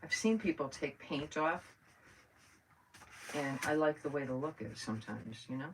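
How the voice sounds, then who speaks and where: A woman's voice: low voice, lively intonation, moderate pace. A woman chatting casually with her viewers while doing a craft project live, rambling and greeting people by name. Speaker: crafting livestream host. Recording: voice a bit far from the mic, faint noise.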